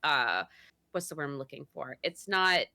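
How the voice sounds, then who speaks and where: A woman chats casually as a podcast guest host, her voice slightly low but bright. She is animated and giggly, full of fillers and restarts. Her pitch swings widely as she talks. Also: moderate pace, vocal fry. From Italian heritage.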